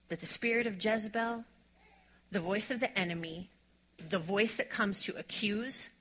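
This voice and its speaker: A woman preaching a sermon, reading scripture and explaining it, dropping to a hush and then building to emphatic high points. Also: normal speed, low-quality recording. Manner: expressive, drops to a hush on quiet lines and rises to emphatic on strong ones.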